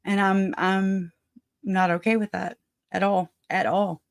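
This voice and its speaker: A chatty woman with a drawl talks through a casual livestream, a bit winded, laughing between thoughts and circling back on her sentences. She speaks slowly, and her voice sits dry and close. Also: medium pitch, little pitch movement, vocal fry, no room sound. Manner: chatty, laughs often, trails off and restarts. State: out of breath. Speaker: livestream host.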